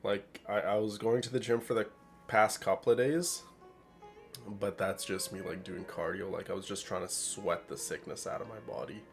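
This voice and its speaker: A man's voice: fairly low pitch, fairly even intonation, moderate pace, gravelly, faint music behind. A congested, sick man chatting casually to his viewers while playing a game, with a nasal voice and a rambling manner. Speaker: gaming streamer. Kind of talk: casual let's play commentary.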